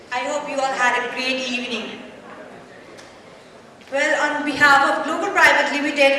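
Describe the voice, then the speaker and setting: A woman gives a formal thank-you speech, her high, bright voice working steadily through lists of sponsors. She sounds set back from the microphone, with long reverb from a large hotel hall. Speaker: organizing member giving the vote of thanks. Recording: echoey hall, voice from a distant mic.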